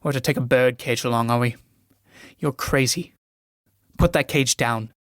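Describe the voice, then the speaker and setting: A man's voice: medium pitch, fairly even intonation, normal speed, a bit bright, no room sound, close to an everyday voice. Cold bossy young servant guy, read by a man, clipped and dismissive, dry close mic. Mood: curt impatient. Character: curt, scornful young male valet. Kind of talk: solo reading of a stage play.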